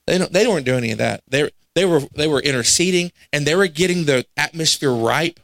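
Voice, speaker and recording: Animated preacher with a higher voice. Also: male voice, fairly quick, gravelly, dry recording. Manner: animated, acts out quoted voices, laughs at himself. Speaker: pastor. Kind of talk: storytelling sermon. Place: church sanctuary.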